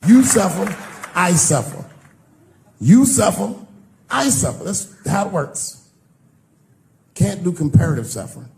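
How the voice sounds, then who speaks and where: A man's voice: high voice, sing-song, a little slow, gravelly, pauses often, darkish tone, slight background noise. A male stand-up comedian riffing on stage in a punchy, conversational way. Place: live stage show.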